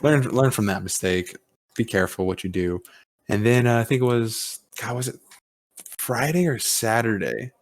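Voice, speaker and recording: Low-voiced man telling a story. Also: normal speed, no room sound, studio quality. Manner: storytelling with acted-out quotes, swears freely. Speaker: podcast host. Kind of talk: casual chat.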